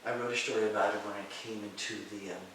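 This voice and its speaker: A man, a teacher of Taoist mysticism, telling a story in an interview and acting out the voices in it, sometimes with a high shout. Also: fairly even intonation, racing. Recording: echoey room, distant mic, faint hiss.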